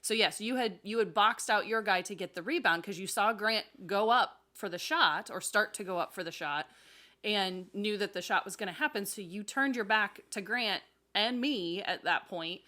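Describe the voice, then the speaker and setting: Bright-voiced woman telling a story. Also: medium pitch, normal speed. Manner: animated, laughing storyteller acting out quotes. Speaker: podcast co-host. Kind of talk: casual storytelling chat. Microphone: table mic.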